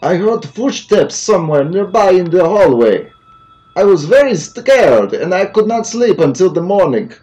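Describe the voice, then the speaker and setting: A man's voice: high voice, big pitch swings, normal speed, mellow, pitched above the performer's own voice, rough recording. A man voicing a frightened note writer in an overdone fake Russian accent.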